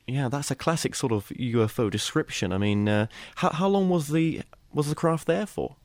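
A man hosts an interview, asking his questions with stammering restarts and a lively, varied pitch. His voice is dry and close, with no room sound. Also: normal speed, no echo. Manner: stammering, repeats words when starting questions.

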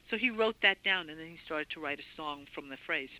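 A woman guest telling a story in an interview, excitable and full of restarts and repeated words. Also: on the low side, a little fast, few pauses, dry recording, poor audio.

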